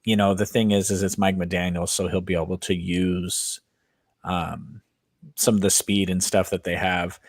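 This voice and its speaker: A man with a low voice weighs in on football picks, opinionated but careful to hedge his takes. His voice sits close and dry, with no room echo. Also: level tone, unhurried. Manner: opinionated, hedging, frequent fillers. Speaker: podcast co-host. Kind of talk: casual sports chat.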